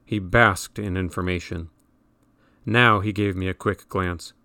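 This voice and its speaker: A man reading a novel aloud in measured, wry audiobook narration. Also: sits low, steady tone, bright, forceful tone, no room sound.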